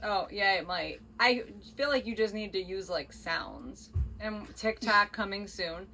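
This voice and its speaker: A woman's voice: mid-range voice, lively intonation, a little slow, pushed and bright, slight background noise. A woman co-hosting a podcast in casual chat, rambling and self-deprecating with jokes. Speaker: podcast co-host.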